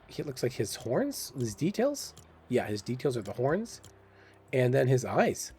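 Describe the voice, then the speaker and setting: A man's voice: medium pitch, very animated, unhurried, darkish tone, breathy edge. A man hosting a gaming channel, giving casual, curious commentary and thinking aloud with exclamations. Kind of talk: casual game commentary voice-over.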